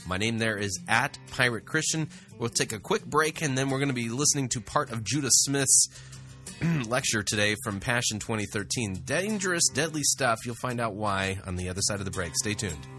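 A man's voice: medium pitch, expressive, normal speed, bright, forceful tone, faint music behind. A man hosting a radio show, giving blunt, sarcastic commentary on sermon clips.

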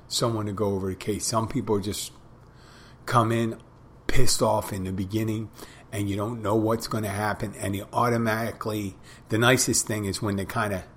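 A man working as a bartender who tells stories about customers in a plain, halting way. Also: on the low side, fairly bright tone, slight background noise. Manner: plain-spoken, halting with restarts and fillers. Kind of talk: casual storytelling monologue.

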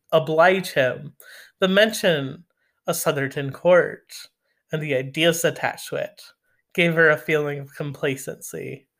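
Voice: mid-range voice, a bit bright. A reader narrating a classic novel aloud and breaking off for sardonic, casual jokes. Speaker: audiobook reader. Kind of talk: reading a classic novel with joking asides.

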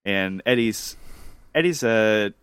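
A man co-hosting a podcast, telling stories in a rambling casual way with many fillers and pauses. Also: on the low side, animated, a bit bright, clear, resonant tone, dry recording. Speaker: podcast co-host. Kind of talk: casual storytelling chat.

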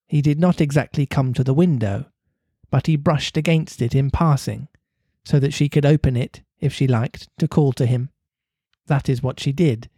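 A man's voice: no echo, studio quality. A man reading a classic children's novel aloud to a co-host, lifting his voice for character lines. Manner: animated reader, lifts pitch for character lines. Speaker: reader and co-host.

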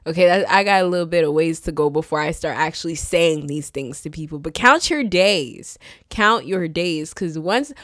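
A woman's voice: lowish voice, fairly bright tone, dry recording, clean studio sound. A woman in her thirties hosting a podcast, talking in a chatty, playful, sassy way. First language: immigrant with a fading accent. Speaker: podcast host. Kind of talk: casual chat monologue.

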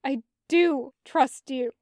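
A woman's voice: a little high, little pitch movement, extremely slow, creaky, no room sound, studio quality, exaggerated voice. Woman reading a prickly, proud young man. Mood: sharp. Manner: sharp and insistent.

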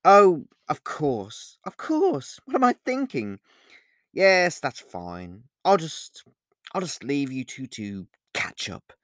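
A man reading an audiobook, playing a smiling, pushy young man who is hiding something, with a bright, falsely cheerful manner. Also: a little high, wildly swooping pitch, takes it slowly, no echo, clean studio sound, heavily acted. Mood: flustered.

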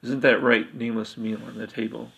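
A man voicing a harsh, menacing cannibal half-elf king in a dark fantasy story. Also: medium pitch, flat delivery, fairly quick, creaky, poor audio. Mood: probing. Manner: harsh, demanding.

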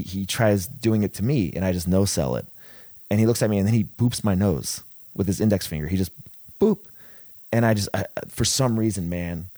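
Man, low voice, rambling profane storyteller, dry close mic. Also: mellow, no room sound. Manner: rambling, profane, many restarts. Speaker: wrestler telling a story. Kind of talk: casual podcast storytelling.

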